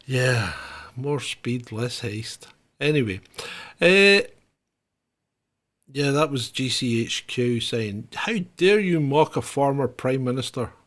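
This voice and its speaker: A man hosting a casual chat show, chatty and unhurried, talking to his viewers. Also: mid-range voice, lively intonation, fairly bright tone. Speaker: host.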